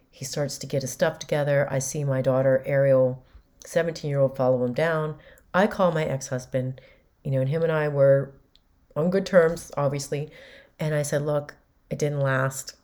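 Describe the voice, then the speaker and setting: A woman's voice: extremely low pitch, steady tone, moderate pace, dark tone. A woman in her forties candidly and emotionally retelling a family story with quoted dialogue, as a podcast host. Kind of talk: personal storytelling.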